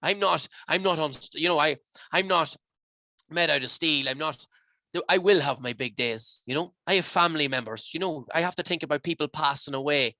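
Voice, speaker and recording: A man's voice: fairly high pitch, moderate pace, pushed and bright, no room sound. An emotional, passionate Irish man talking as a podcast guest in rambling, heartfelt casual chat. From Ireland.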